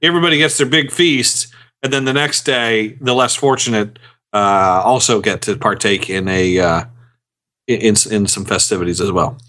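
A man co-hosting a fan podcast, talking casually with halting restarts. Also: on the low side, pushed and bright. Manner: halting, lots of restarts and laughs. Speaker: podcast co-host. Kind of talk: casual chat.

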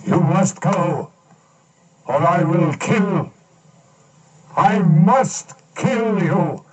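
A slow, menacing giant robot. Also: male voice, sits high, exaggerated voice. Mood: commanding. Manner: slow, flat commands. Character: towering menacing robot, male, cold and deliberate. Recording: clip from far off with loud music.

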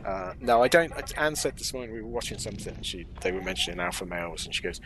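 A man's voice: lowish voice, lively intonation, quick pace, crowd noise. Rambling, jokey English man. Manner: rambling, self-deprecating, jokey. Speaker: podcast co-host. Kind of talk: casual chat.

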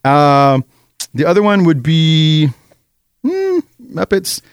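A man co-hosting a casual podcast chat, animated and acting out movie moments as he talks. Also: a little high, slow, clear, resonant tone, dry recording, studio quality. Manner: animated, acts out movie scenes with voices. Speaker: podcast co-host.

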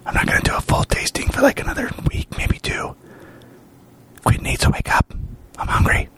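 A man hosting a podcast who whispers a quick update so as not to wake a sleeping guest. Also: fairly bright tone. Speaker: podcast host, home brewer.

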